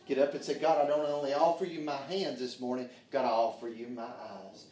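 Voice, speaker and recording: A man preaching a sermon. He swings from hushed prayer to loud shouting and fills his talk with "hey, man" and "uh". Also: mid-range voice, steady tone, a little fast, hardly any pauses, far from the mic. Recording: echoey room, voice from off mic.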